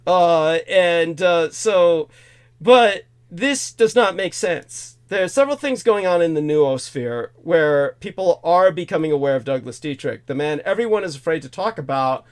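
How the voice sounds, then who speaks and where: A man hosting a talk show, ranting in an animated, indignant way with many fillers, restarts and curses. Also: on the high side, moderate pace, smooth. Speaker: host.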